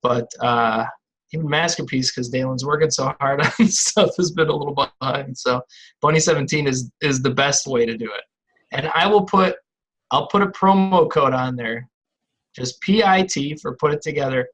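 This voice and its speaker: A man's voice: medium pitch, moderate pace, a bit bright, poor audio. A man appearing as a podcast guest and author, talking in an easygoing, encouraging way. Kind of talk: casual chat.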